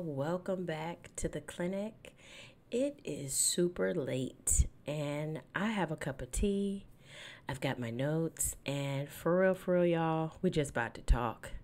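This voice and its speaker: A woman with a low, deep-set voice hosts a Christian podcast from her desk at home late at night. Her talk is relaxed and chatty, and when she prays it turns soft and reverent. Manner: relaxed and chatty, turning hushed and devout in prayer. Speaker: podcast host. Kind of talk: casual faith podcast chat with spoken prayer.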